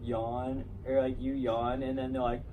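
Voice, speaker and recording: A man's voice: medium pitch, level tone, unhurried, warm tone. A teenage boy ranting irritably about annoying people in casual chat, swearing freely. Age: teens. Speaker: podcast co-host. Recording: distant mic with noise.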